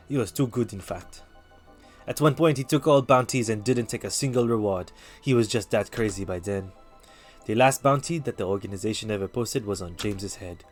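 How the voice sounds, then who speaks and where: A worldly, hard-edged bar patron with a faux-Russian accent spins dark tales in a measured, lowered voice, as a man reads game lines. The tone sits on the low side. Faint music plays behind. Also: natural voice. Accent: put-on vaguely Russian. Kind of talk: reading game dialogue aloud.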